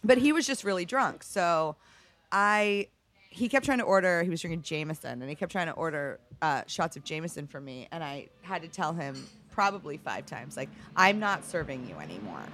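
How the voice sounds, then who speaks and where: A middle-aged woman with a somewhat low voice recounts bar stories in a loose, conversational interview. She's frank and unfiltered, swears casually, and fills her sentences with "like" and "um". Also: normal speed, a bit bright, a little hiss or hum. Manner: candid, profane, heavy use of "like". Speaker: bartender guest.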